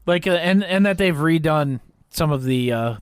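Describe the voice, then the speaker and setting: Man on a chatty podcast, higher voice. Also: animated, normal speed, clear, resonant tone, dry recording. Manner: laughs often, acts out quoted lines. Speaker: podcast co-host. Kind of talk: casual chat.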